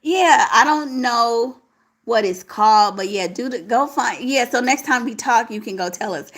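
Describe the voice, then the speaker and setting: A woman's voice: on the high side, normal speed. A young woman hosting a late-night livestream, chatting casually and reading viewer comments, sleepy, with a tired, crackling voice and slangy talk, home alone. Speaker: livestream host.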